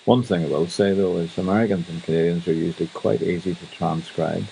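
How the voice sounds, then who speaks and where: A man's voice: low-pitched, steady tone, a little fast, gravelly, warm tone, a little hiss or hum, rough recording. A Northern Irish man hosting a radio show, chatting wryly in a casual monologue. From Northern Ireland. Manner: chatty, wry storytelling. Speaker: radio host.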